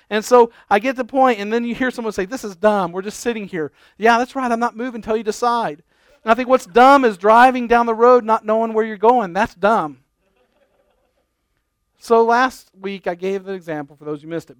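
A man's voice: sits high, a bit bright, clear, resonant tone, no echo, clean studio sound. A middle-aged man preaching, telling an exasperated family story and acting out the dialogue. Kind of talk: sermon illustration storytelling.

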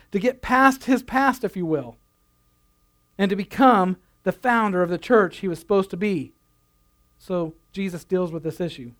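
A man preaching a sermon, earnest, repeating key phrases for emphasis. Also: high-pitched. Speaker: pastor.

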